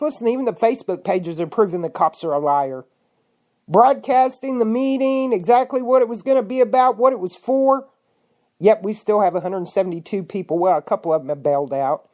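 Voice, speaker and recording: Woman podcast host, angry profane rant, loud bursts dropping to mutters. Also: mid-range voice. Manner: fiery, indignant, swings between shouting and muttering; profane, rhetorical questions.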